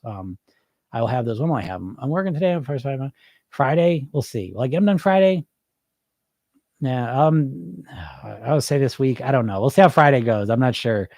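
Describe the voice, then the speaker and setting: A man's voice: mid-range voice, brisk, a little mellow, dry recording, studio quality. A man hosting a weight loss coaching podcast, talking casually and energetically with frequent restarts and asides while answering listeners live.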